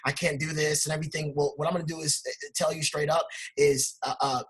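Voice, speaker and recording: Fired-up man, husky bright voice. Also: on the high side, level tone, fast talker. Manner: loud, fired-up, blunt, laughs often. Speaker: guest trading teacher. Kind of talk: hyped motivational talk.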